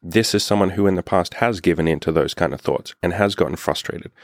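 A man with a deep, low voice tells a story in a loose, chatty way, swearing freely and piling up fillers. He is a dating coach talking straight to his viewers. The sound is close and dry, with no room echo. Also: brisk. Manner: blunt, profane, filler-heavy storytelling. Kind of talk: casual storytelling monologue.

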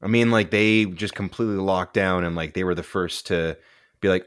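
Young male podcast co-host, low pitch, dry mic, rambling casual delivery. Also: moderate pace, clear, resonant tone, no room sound. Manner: laid-back, tangent-prone, says "dude" and "like" often. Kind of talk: casual movie-review chat.

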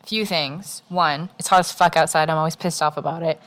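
A woman's voice: deep voice, steady tone, fairly quick, fairly bright tone. A young woman co-hosting a podcast in casual chat, blunt and sweary, laughing often and acting out what others said. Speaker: podcast co-host.

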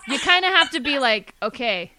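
A woman's voice: fairly high pitch, animated, moderate pace, crowd noise. A woman co-hosting a podcast in a jokey, casual chat. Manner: chatty, jokey, trails off mid-sentence. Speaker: podcast co-host.

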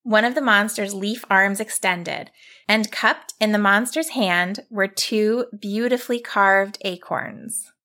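Woman storyteller, children's narration, slow and gentle, bright tone. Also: medium pitch.

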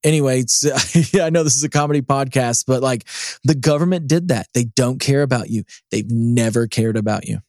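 A man's voice: mid-range voice, a little fast, a little mellow, dry recording, clean studio sound. A middle-aged man co-hosting a comedy podcast, chatting casually, swearing and joking. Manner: swearing, jokey, breaks into silly voices. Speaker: podcast co-host.

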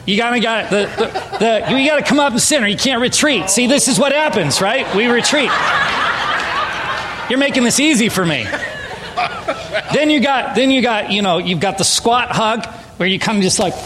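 Casting note: high-voiced male pastor, relaxed and playful sermon delivery, long reverb of a church hall, faint room noise. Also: normal speed, a crowd in the background. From Southern California. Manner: conversational, playful with audience. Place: church sanctuary.

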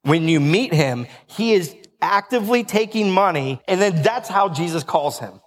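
A man's voice: sits high, expressive, moderate pace, long reverb tail. A male pastor preaching a conversational sermon, joking and asking the congregation questions.

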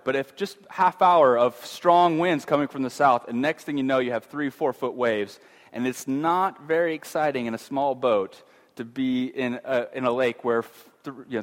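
A middle-aged man giving a casual Bible teaching, chatty, with frequent fillers and restarts. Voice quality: conversational, many fillers and restarts. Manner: acts out voices of fear with rising pitch. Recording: long hall reverb.

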